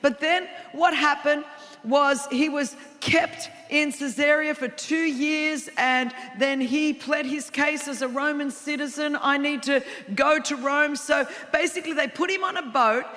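Woman, preacher, high-pitched, bright, humorous sermon, long hall reverb. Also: a little slow. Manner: humorous, animated storytelling with asides.

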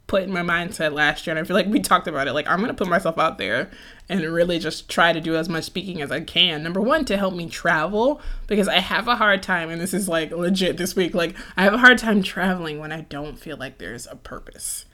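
A woman's voice: fairly low pitch, a little fast, sharp tone. A woman in her twenties co-hosting a podcast, chatting casually with lots of fillers and frequent laughs. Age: 20s. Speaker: podcast co-host. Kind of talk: casual chat.

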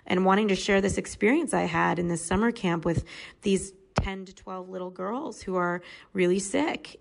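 A woman's voice: fairly low pitch, creaky, low-quality recording. A woman in her thirties, a podcast guest telling a personal story in a candid, earnest way. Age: 30s.

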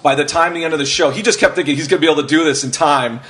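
A man's voice: on the high side, rapid-fire, fairly bright tone. A man in casual podcast chat, telling long, swear-filled stories full of restarts and acting out what others said. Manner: swears freely, rambling anecdotes with restarts; acts out quotes of other people.

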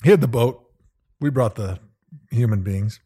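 A man in his thirties co-hosting a podcast, reflecting on memories and asking measured questions. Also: mid-range voice, mellow, breathy edge. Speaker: podcast co-host. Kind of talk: casual conversation.

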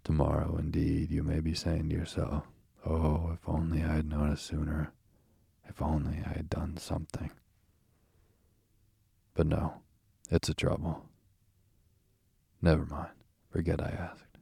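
A man's voice: a bass voice, completely flat delivery, a little slow, vocal fry, long pauses, dark tone, husky, dry recording, clean studio sound, full character voice. A man reading the part of a self-pitying toad who murmurs weakly from his sickbed. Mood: feeble. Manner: languid, murmuring, weak.

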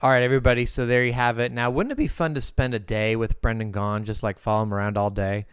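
A man hosting an interview podcast, relaxed and chatty, poking fun at himself. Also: medium pitch, fast, smooth, no echo. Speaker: podcast host.

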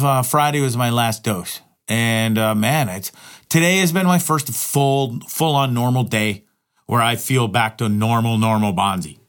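A man's voice: mid-range voice, a bit bright. A middle-aged man vlogging a candid personal monologue, rambling and swearing heavily, often restarting his words. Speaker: vlogger and live streamer.

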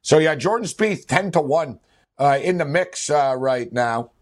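A man's voice: fairly high pitch, expressive, a little slow. A man co-hosting a casual sports talk show, rambling with lots of fillers and laughing often. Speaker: sports podcast co-host.

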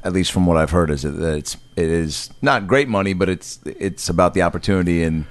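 A man's voice: deep voice, fairly quick. A man co-hosting a podcast, rambling and searching for words as he asks questions. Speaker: podcast co-host. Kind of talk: casual podcast chat.

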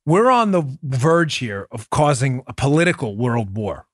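A man's voice: medium pitch, very animated, unhurried, no echo, clean studio sound. A man hosting a political podcast, delivering heated commentary in a combative, incredulous way. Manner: combative, incredulous, rising to indignant outbursts.

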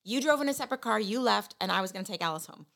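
A woman co-host telling a lively story in casual chat, acting out the voices of people in it with self-mocking humor. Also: medium pitch, racing, vocal fry. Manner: animated, acts out voices of people in her story.

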